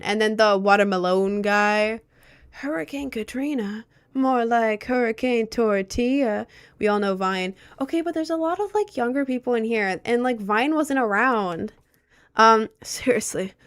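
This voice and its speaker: A young woman streamer whose natural voice sits on the low side, chatting casually and reacting aloud to her chat. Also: fairly bright tone, clean tone. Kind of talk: casual livestream chat reading comments.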